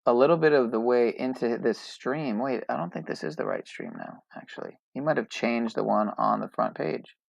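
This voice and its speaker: A man's voice: mid-range voice, lively intonation, moderate pace, gravelly, hardly any pauses, dry recording, lo-fi sound. A man hosting a podcast in casual chat, rambling and hesitant, often restarting his words. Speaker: podcast host.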